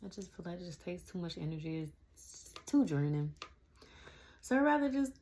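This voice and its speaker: A woman's voice: on the low side, sing-song, moderate pace, a little mellow, slight background noise. A woman around forty, chatting casually to camera and calling her viewers y'all. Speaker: vlogger.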